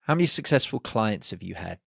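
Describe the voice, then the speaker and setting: A man hosting a solo podcast, talking in an animated way and slipping into quick voices for people's inner self-talk. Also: lowish voice, gravelly, breathy edge, no room sound, studio quality. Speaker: podcast host.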